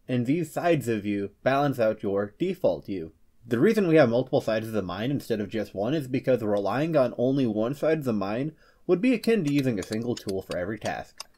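A man hosting a scripted psychology explainer, reading with playful joking asides and quick comic character voices. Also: medium pitch, a little mellow. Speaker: host of a personality-psychology channel.

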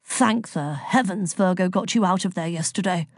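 A woman's voice: fairly low pitch, normal speed, no echo, studio quality, lightly acted. A woman voicing a chatty, jovial older male god who rambles and teases, in an audiobook. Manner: hearty, rambling, teasing. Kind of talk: audiobook character voice.

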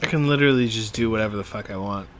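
A man's voice: on the low side, very fast, fairly bright tone, a little hiss or hum. A man playing a video game and commenting on it in a casual, playful way, often speaking to the characters on screen. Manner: playful, talks to the game characters, jokey asides. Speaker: gameplay streamer. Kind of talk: casual let's-play commentary.

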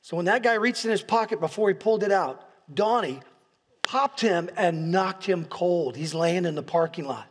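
A pastor preaching a sermon in a large church hall, telling stories with restarts and repeated words and building to impassioned peaks. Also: male voice, high voice, normal speed, slightly rough. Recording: long hall reverb.

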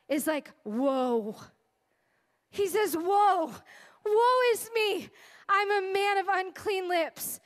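A woman worship leader giving a sermon and leading prayer, earnest and tearful, talking in a chatty way with many fillers. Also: high voice. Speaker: guest speaker and worship leader.

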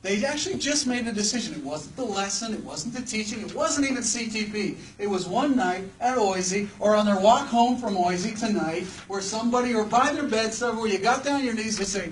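A man's voice: high-pitched, lively intonation, fairly quick, hardly any pauses. A man preaching a sermon to a live audience in a church hall, conversational and joking, often putting questions to the listeners. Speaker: preacher at a campus ministry gathering. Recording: distant mic with faint background noise.

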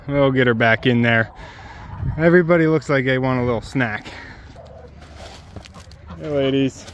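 A man vlogging from his homestead, explaining his work in a relaxed way and gently coaxing his birds. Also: medium pitch, fairly quick, muffled recording, a little hiss or hum. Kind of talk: casual explanatory vlog talk. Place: outdoors on a homestead.

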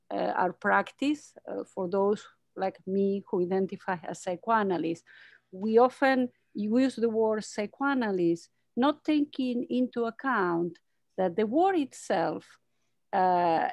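A woman psychoanalyst giving an academic lecture over a video call, reading from a script in an earnest, measured way and stressing key words. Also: fairly high pitch, a little mellow, no room sound.

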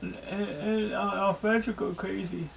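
A man recording a video diary at home on a camera mic, pleading and repeating himself in halting, emotional speech. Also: sits high, level tone, creaky, rough recording. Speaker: video blogger.

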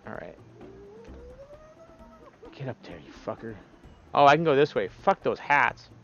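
A man's voice: mid-range voice, animated, measured pace, a bit bright, dull audio, soft background music. A man giving casual, profane gameplay commentary as a streamer, exasperated and talking to the game. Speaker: let's play streamer.

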